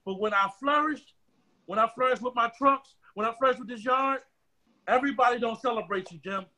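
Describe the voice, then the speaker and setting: High-pitched guy with a bright edgy voice, telling wild stories fast and loose, lots of slang and cussing. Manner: animated, repetitive, street slang and swearing. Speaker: guest, trucking business owner. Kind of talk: casual storytelling.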